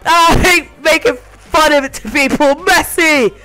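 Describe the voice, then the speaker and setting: A man filming his own reaction to a video game pack opening, yelling and rambling in disbelief. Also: extremely high pitch, unhurried.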